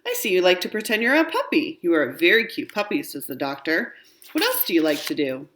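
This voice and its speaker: A woman reading aloud, voicing a smiley, cheerful doctor who speaks gently and upbeat to a child. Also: lowish voice, huge pitch swings, brisk, slight background noise.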